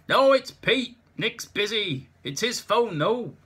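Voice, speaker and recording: A man doing a shouting bloke on the phone. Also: sits high, lively intonation, slow, breathy edge, voice pushed up, heavily acted. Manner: shouting over noise. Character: loud-shouting man on a noisy phone line.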